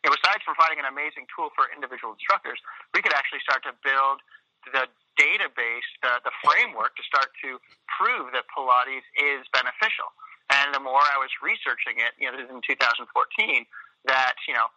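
A man's voice: medium pitch, a little fast, pushed and bright, no room sound, dull audio. A man in his thirties telling his story in a casual interview, rambling with many fillers and restarts. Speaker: interview guest, Pilates studio owner.

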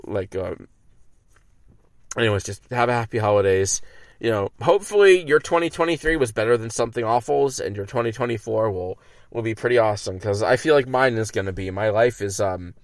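A man's voice: fairly low pitch, lively intonation, fairly quick, no room sound. A man hosting his own podcast, rambling alone in a car with lots of stammered restarts and filler words. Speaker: podcast host. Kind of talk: rambling solo podcast monologue. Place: inside a car.

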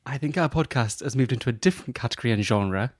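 Guy cohost, wry dry jokes, lively bouncy pitch. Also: fast. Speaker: podcast co-host. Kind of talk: casual comic banter.

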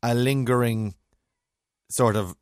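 A man's voice: medium pitch, steady tone, takes it slowly, clear, resonant tone, dry recording, studio quality. A middle-aged man co-hosting a podcast in casual chat, often restarting and searching for his words.

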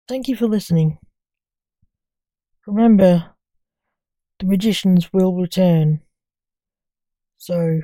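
A woman's voice: fairly low pitch, mellow, no echo. A woman hosting her own story podcast, narrating with theatrical sign-offs.

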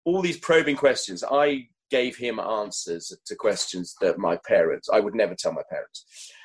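A man, a chef telling stories from his career in a relaxed interview, self-deprecating and often laughing at himself. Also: lowish voice, moderate pace, slightly rough, poor audio. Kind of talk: relaxed storytelling in conversation.

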